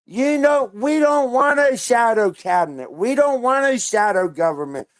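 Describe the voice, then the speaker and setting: A woman's voice: on the high side, expressive, normal speed. A woman hosting a reaction video, talking in a blunt, rambling, slangy way. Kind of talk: casual reaction commentary.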